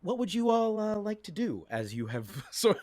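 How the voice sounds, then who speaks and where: A man narrating as game master, halting with many fillers. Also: high voice, sing-song, a little mellow, no echo.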